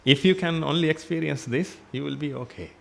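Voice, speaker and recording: Gravelly-voiced man preaching a sermon. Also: on the high side, a little fast. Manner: repetitive, emphatic teaching with rhetorical questions; drops his voice on "ladies and gentlemen". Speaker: Buddhist monk giving a sermon. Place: temple hall.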